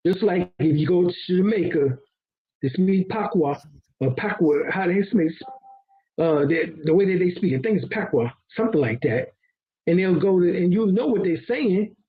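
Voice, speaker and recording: A man's voice: high-pitched, animated, moderate pace, breathy edge. A man co-hosting a casual discussion, loose and conversational, laughing and swearing as he explains. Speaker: co-host. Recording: dull lo-fi sound.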